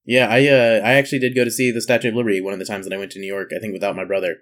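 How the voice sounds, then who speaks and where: A man's voice: lowish voice, flat delivery, very fast, fairly bright tone. A man co-hosting a podcast, joking and laughing in casual chat. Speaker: podcast co-host.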